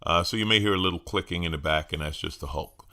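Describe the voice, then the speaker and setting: Man, middle-aged, very deep voice, bright forward tone, wry chatty podcast host, restarts sentences, at home. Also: quick pace. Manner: wry, conversational, repeats words when starting sentences. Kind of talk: casual solo podcast monologue. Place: at home with his dog nearby.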